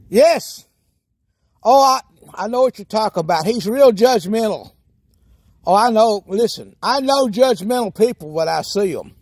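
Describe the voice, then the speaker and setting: A man's voice: high voice, no room sound. A man putting on a goofy rural hillbilly character for a comedy monologue, folksy and whooping. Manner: folksy drawl with hoots and cackles. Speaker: comedy sketch character host.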